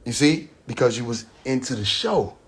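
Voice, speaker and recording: A man's voice: mid-range voice, animated, moderate pace, slightly rough. A man hosting a livestream, telling a story casually and animatedly, laughing often and acting out quoted dialogue. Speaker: live stream host. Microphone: phone livestream.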